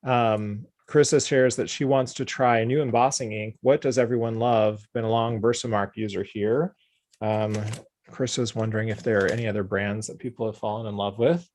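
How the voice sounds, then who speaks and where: A man's voice: on the low side, fairly even intonation, normal speed, darkish tone. A man hosting a casual craft livestream, joking around and reading out viewer comments. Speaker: host. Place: Orlando.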